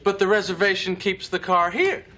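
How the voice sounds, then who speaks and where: A man's voice: sits high, normal speed, a faint crowd. An actor playing an exasperated male customer at a car rental counter, lecturing sarcastically in a sitcom scene. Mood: sarcastic. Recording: sitcom clip with loud audience laughter and noise.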